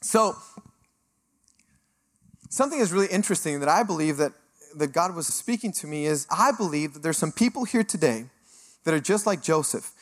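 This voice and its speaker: A middle-aged man from Mexico giving a sermon testimony, telling his story with animated energy and acting out the voices he quotes. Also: fairly high pitch, normal speed, long pauses. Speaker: guest speaker sharing testimony.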